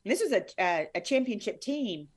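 A woman's voice: medium pitch, big pitch swings, brisk, husky. A middle-aged woman, a former sportscaster, telling stories in a bubbly, effusive way as a guest in an interview. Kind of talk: conversational interview.

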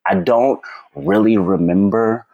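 A man telling a story as a podcast guest, animated, rambling and acting out quoted dialogue. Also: lowish voice, gravelly, dry recording, dull audio. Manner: fast, rambling with many "like"s. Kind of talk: casual storytelling chat.

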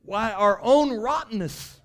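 A male preacher giving a fiery sermon, asking the congregation questions and building to impassioned shouts. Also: slow pace. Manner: high-pitched, emphatic, sweeps between quiet and loud.

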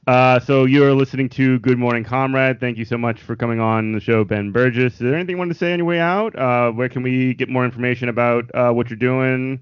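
A laid-back man hosts a podcast, laughing easily and filling his talk with "like." His voice sits at an ordinary pitch. The sound is dry and dull, with a lo-fi edge. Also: fairly even intonation, a little fast, hardly any pauses, smooth, dry recording. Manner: laid-back, laughs often, says "like" a lot. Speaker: podcast host. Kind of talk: casual chat.

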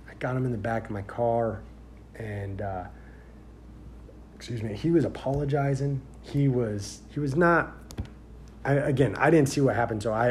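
A man of average pitch tells a story as a sheriff's deputy, casual and rambling, full of fillers and restarts. He grows loud and animated as the story builds. A faint noise sits under his voice.

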